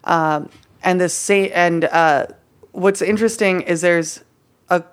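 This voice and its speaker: Slowly and smoothly, in a fairly low voice, a woman co-hosting a casual history podcast shares her research as a story. Her delivery is chatty, loaded with "like" and "uh" and some playful slang.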